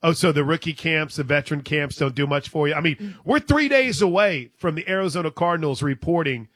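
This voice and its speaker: A man's voice: on the high side, animated, brisk, a bit bright, dry recording. A man hosting a casual sports talk show, upbeat and teasing as he steers the chat. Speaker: host.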